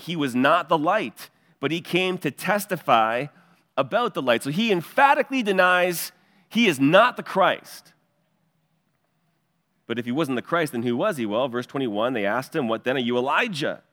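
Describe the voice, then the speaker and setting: A man's voice: a little high, fairly bright tone. Man preaching in a reverberant hall. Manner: earnest teaching cadence, directs listeners to verses. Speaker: pastor. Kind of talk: expository sermon.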